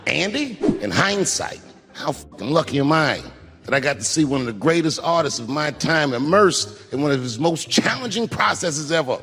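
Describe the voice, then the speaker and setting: A man's voice: fairly high pitch, very animated, normal speed, a bit bright. A man doing stand-up comedy, telling long stories in a loose, conversational way with profane punchlines. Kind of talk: stand-up storytelling. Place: stage before a live audience.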